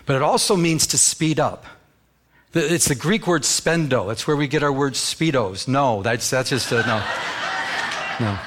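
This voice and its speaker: A man preaching a sermon, telling stories with lively acted-out bits and sound effects, and dropping to a softer, lower voice in quiet passages. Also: unhurried, slight background noise. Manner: animated storytelling, acting out scenes with sound effects. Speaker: pastor.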